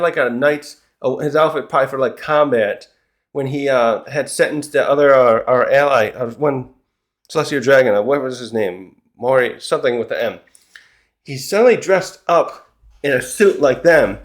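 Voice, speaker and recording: A man casually recapping a comic chapter, rambling along with frequent restarts and little chuckles. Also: mid-range voice. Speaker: manga reviewer.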